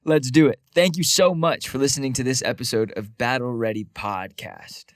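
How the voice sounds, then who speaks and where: A man co-hosting a podcast, telling stories in a casual, animated way, with quick asides and lots of "like". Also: mid-range voice, no echo, studio quality. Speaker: podcast co-host.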